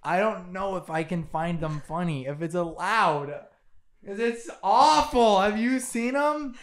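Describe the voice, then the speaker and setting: Young male podcast co-host, slightly higher voice, teasing and jokey. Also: measured pace, fairly bright tone. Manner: joking, teasing, laughs often. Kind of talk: casual sibling chat.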